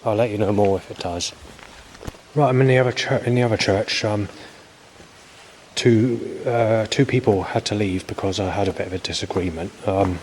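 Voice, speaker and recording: A man in his forties talks through a loose video diary, full of ums and restarts and frequent swearing. His voice sits low. Faint background noise runs under the recording. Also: steady tone, moderate pace, a little mellow. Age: 40s. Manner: rambling, hesitant, swears often, many fillers. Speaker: vlogger. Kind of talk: rambling spoken video diary.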